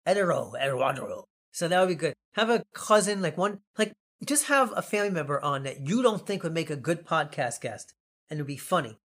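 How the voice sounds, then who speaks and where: A man's voice: on the high side, animated, a little fast, fairly bright tone. A man with a Long Island New York accent hosting a casual podcast, rambling and jokey. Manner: rambling, jokey, laughs often. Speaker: podcast host.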